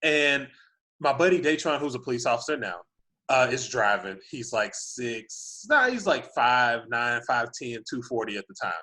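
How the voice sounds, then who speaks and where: A man's voice: medium pitch, normal speed. A man, a podcast guest telling a story in casual talk, acting out voices and saying "like" a lot. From Humble, Texas. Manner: animated, acts out voices in anecdotes, lots of "like".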